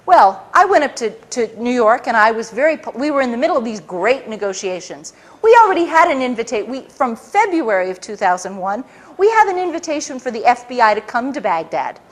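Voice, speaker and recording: A woman's voice: on the high side, a little fast. A middle-aged woman, a former intelligence liaison, telling her story to an audience and acting out what people said. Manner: animated, acts out quoted people. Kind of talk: recounting events to an audience.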